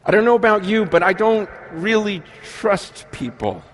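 Man, middle-aged, preaching a sermon, high voice, animated, soft to shouting, faint room noise. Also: moderate pace. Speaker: pastor.

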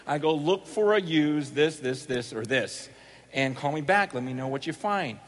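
A man's voice: on the high side, lively intonation, moderate pace, big-room sound. A man preaching a sermon who opens with a personal story. He tells it in a rambling, self-deprecating way, with lots of restarts, and acts out his own thoughts for laughs. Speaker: pastor.

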